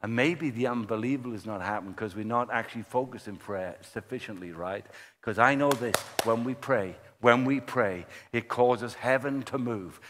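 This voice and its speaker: A man preaching a sermon, telling a story in a lively way and acting out the people he quotes. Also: medium pitch, fairly quick, noisy background. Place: church hall. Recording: long church-hall reverb.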